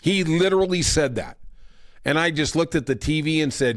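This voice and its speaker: A man's voice: a little high, lively intonation, normal speed. A man hosting a podcast, delivering a sarcastic, ranting monologue with mocking impressions. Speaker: podcast host. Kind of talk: casual opinion monologue.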